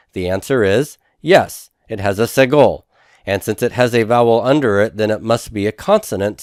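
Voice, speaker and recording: Methodical low-voiced male teacher, dry. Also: no room sound. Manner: methodical, repeats terms slowly for students. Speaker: Hebrew instructor. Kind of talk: recorded lecture over handouts.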